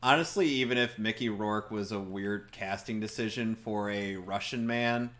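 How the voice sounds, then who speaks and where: A man's voice: on the low side, moderate pace, a bit bright. A man doing casual let's-play commentary, joking wryly and sarcastically while he plays. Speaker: gameplay commentator.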